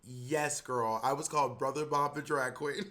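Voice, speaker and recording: A man co-hosting a podcast in casual chat, animated and laughing, often acting out voices. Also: mid-range voice, unhurried, a crowd in the background. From not from New York. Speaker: podcast co-host.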